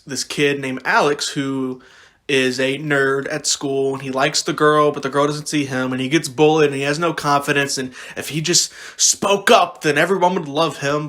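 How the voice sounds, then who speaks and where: A young man co-hosting a podcast, chatting casually in an animated way, rambling with frequent restarts. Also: mid-range voice. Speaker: podcast co-host. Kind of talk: casual chat.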